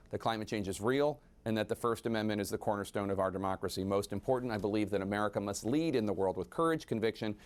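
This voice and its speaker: A man anchoring a TV news interview, formally introducing a guest and reading out a quote. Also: fairly low pitch. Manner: smooth, formal introduction and questioning.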